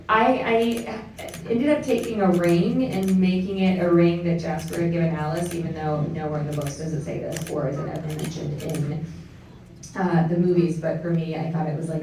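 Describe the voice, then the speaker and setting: A woman's voice: deep voice, fairly even intonation, normal speed, mellow. A woman chatting casually as an actress on a fan convention panel, giggling and hesitating with lots of ums. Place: large convention panel hall. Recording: echoey hall from far off, noisy.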